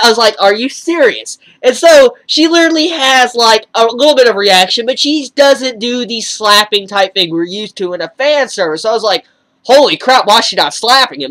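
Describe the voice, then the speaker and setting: An excitable anime reviewer talks through an episode in a loose, casual way. The delivery gushes and rambles, full of fillers and restarts, with sudden leaps up in pitch when something delights them. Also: low-quality recording.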